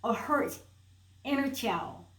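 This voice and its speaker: A woman's voice: sits high, lively intonation, slow, roomy sound, low-quality recording. A woman giving an emphatic motivational talk, repeating rhetorical questions and building to a point. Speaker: inspirational speaker. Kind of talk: motivational preaching monologue.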